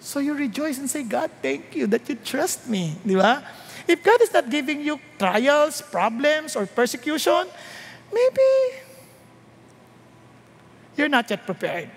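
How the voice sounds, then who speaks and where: Filipino lady preaching, high voice swinging all over, echoey hall. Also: moderate pace. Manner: animated, mixes English and Tagalog, asks the congregation rhetorical questions. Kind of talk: sermon. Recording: reverberant hall.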